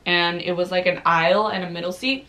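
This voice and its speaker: A woman's voice: lowish voice, steady tone, fairly quick, sharp tone. A young woman vlogger telling a story casually while eating, chatty and full of "like"s, swearing freely.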